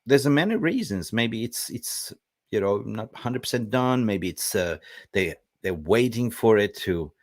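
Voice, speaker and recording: A man's voice: on the low side, a little slow, no room sound, studio quality. A man hosting a football livestream, talking bluntly and chatting casually with his viewers. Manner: blunt, animated, talks to viewers. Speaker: football channel host.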